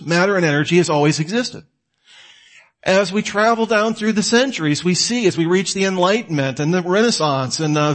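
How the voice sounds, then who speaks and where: A man lectures in a relaxed, conversational way. His voice sits a little high for a man. He keeps asking the listener questions and then answers them himself, with lively energy. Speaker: apologetics teacher.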